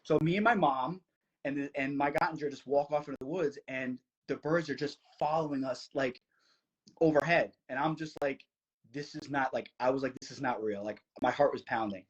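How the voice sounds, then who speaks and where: A young man from New Jersey tells a story as a podcast guest, eager and quick, with lots of "like" fillers. His voice is somewhat husky and breathy. The audio is slightly muffled and lo-fi. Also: a little high. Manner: excited, fast, many "like" fillers. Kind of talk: casual storytelling.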